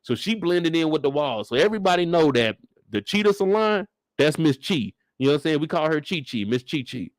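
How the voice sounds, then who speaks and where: A man's voice: on the high side, a little fast, no room sound. A young man, joking his way through a show recap and acting out the characters, with a lot of profanity. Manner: animated, acts out characters, profane. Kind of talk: comedic episode breakdown.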